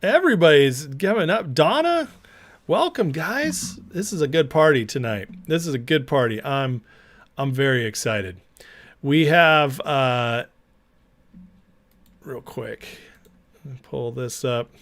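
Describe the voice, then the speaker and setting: A man's voice: mid-range voice, animated, fairly bright tone. A man hosting a casual livestream watch party, upbeat and chatty, reading viewers' names aloud. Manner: upbeat, reads chat names aloud rapidly. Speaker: livestream host.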